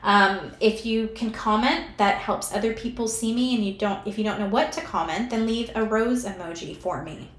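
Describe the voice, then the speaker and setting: A woman giving a pick-a-card tarot reading in a soft, soothing way, emotional and close to tears as she talks straight to the viewer. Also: mid-range voice, moderate pace, few pauses, echoey room.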